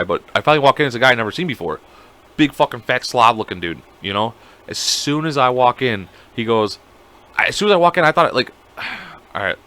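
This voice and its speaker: A man's voice: on the low side, sharp tone, smooth. A young man telling a rambling, profane story in a casual podcast chat, quoting the people in it. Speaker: podcast co-host.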